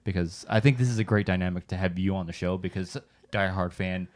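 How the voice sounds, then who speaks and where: Rambling man with a low voice. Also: brisk. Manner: excited, rambling, many fillers. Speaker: podcast co-host. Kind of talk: casual livestream chat.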